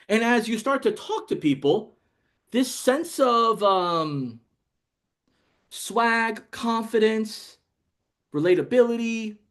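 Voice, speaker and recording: A man giving a casual motivational sales talk to camera, excitable and telling stories with acted dialogue. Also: high-pitched. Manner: excitable, storytelling with acted dialogue, many restarts. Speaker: sales coach.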